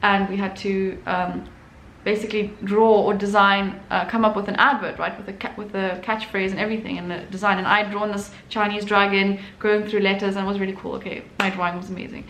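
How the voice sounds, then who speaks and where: A woman's voice: mid-range voice, little pitch movement, fairly quick, few pauses, fairly bright tone. Young woman, artist, casual storytelling, chatty, ums and restarts, echoey room. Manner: chatty, many fillers and restarts, emotional. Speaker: artist and channel host. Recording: echoey room with faint noise.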